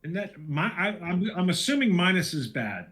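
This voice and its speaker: Bright-voiced man playing a board game. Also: high-pitched, sing-song, faint music behind. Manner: halting, restarts, plays along with jokes. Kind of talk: casual tabletop game playthrough.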